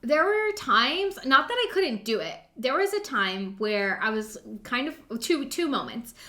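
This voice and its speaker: Her voice is high, bright and sing-song, with a forceful tone and a slightly slow pace. The young woman is co-hosting a podcast, chatting through a story in an upbeat way full of "like" and dramatized quotes.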